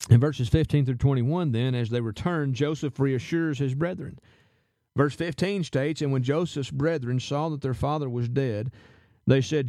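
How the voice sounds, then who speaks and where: A man teaching verse by verse from scripture, reading passages aloud and then explaining them in a measured way. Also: mid-range voice, warm tone, no room sound. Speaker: Bible teacher.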